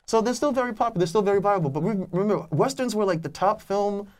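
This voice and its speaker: A man's voice: high-pitched, fast talker. A man on a podcast, chatting casually about films in a rambling way with many restarts. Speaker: podcast co-host. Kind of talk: casual film review chat.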